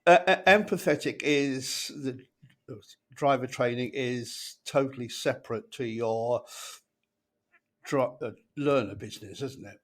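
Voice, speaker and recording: A man's voice: mid-range voice, a little slow, a bit bright. A man hosting a podcast, talking casually and hesitantly, often repeating words and chuckling. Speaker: podcast host.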